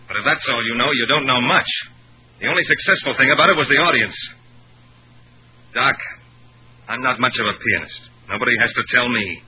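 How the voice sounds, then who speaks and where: An actor playing a bitter, rebellious pianist in a vintage radio drama, speaking with sarcasm. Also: male voice, mid-range voice, fairly quick, long pauses, natural voice. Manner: sarcastic, mocking. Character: bitter young male pianist, sardonic and rebellious. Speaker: Peter, a pianist. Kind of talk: 1940s radio drama acting. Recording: dull old radio recording with faint hiss.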